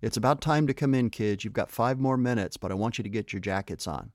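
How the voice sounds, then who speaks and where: A motherly older woman, now a monkey, brisk and a little scolding as she herds the children, as a man puts her on. The voice stays close to the narrator's own, low and dry, with a fussing storybook tone. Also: no room sound, close to an everyday voice. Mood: firm.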